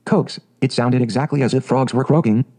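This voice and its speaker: A man narrating a fairy tale audiobook in a steady, measured way. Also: medium pitch, breathy edge, rough recording.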